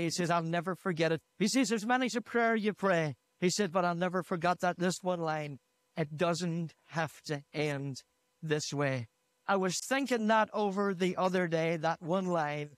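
High-voiced pastor preaching from a church stage. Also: male voice, no echo. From Northern Ireland. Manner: retells a story with repeated "he said", rising to fervent emphasis. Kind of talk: sermon. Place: church hall. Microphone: handheld microphone.

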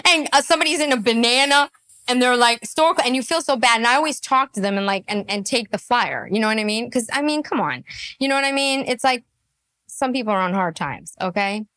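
A woman's voice: on the high side, brisk, pushed and bright, smooth. A woman giving sassy, mocking comedy commentary, laughing often at her own jokes.

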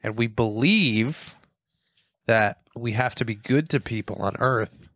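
A man's voice: medium pitch, unhurried, no echo, studio quality. A man in casual comedic podcast chat, tossing off joking one-liners. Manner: jokey, tosses off deadpan gags.

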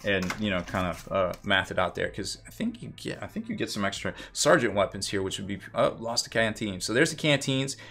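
A man's voice: fairly low pitch, big pitch swings, a little fast, gravelly, hardly any pauses, pushed and bright. A man giving a casual unboxing commentary as a miniatures reviewer, rambling with fillers and self-corrections.

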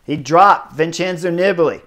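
A middle-aged man giving casual, excited analysis of a bike race, stressing points with emphatic repetition. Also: a little high, moderate pace. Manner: excited, emphatic, piles up rider titles.

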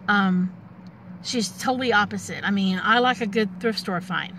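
A woman's voice: medium pitch, moderate pace, background noise. A woman in her forties telling a personal family story in a candid, rambling way, with many fillers and restarts. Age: 40s. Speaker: vlogger.

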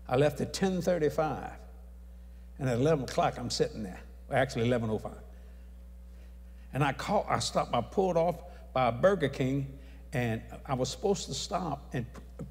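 A man telling a testimony story as an evangelist, acting out the people in it and raising his voice at the high points. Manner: animated, acts out dialogue, shouts at climaxes. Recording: long hall reverb.

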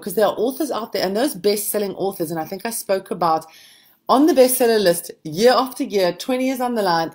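A woman, a book mentor talking casually and encouragingly to a group of writers. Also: medium pitch. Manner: reflective, encouraging, steady. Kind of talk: casual conversation to a writing group.

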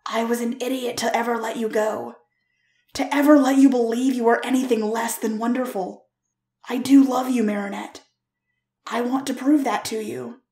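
A woman voicing an earnest, tender young man who pleads and coaxes with emphatic warmth. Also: a little high, steady tone, moderate pace, roomy sound, close to an everyday voice.

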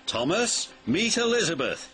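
A man voicing a practical, anxious engine driver who talks quickly and urgently, over background music. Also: high-pitched, very animated, bright, forceful tone, voice pushed up, heavily acted.

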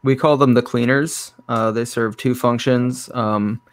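A man guesting on an interview over a video call, explaining his game in a relaxed, easygoing way. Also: medium pitch, measured pace. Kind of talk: casual interview chat.

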